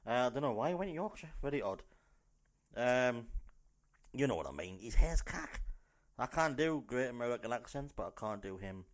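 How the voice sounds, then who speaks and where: A man with a North East English accent hosting a loud, sweary, rambling news rant podcast. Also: medium pitch, very animated, normal speed. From North East England. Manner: loud, sweary, rambling, jumps into silly put-on voices. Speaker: podcast host.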